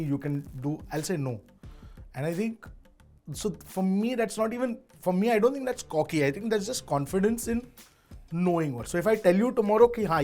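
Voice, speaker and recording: Animated Indian man telling stories. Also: high-pitched. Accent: Indian English. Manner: animated storyteller, mixes in Hindi phrases. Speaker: interview guest, ad director and actor. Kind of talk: casual interview chat.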